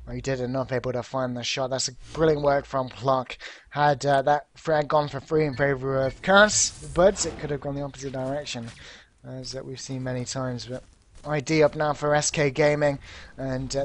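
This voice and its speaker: A man casting a live esports match, climbing to loud bursts at big plays. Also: mid-range voice, fairly even intonation, moderate pace, a little hiss or hum. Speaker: esports caster.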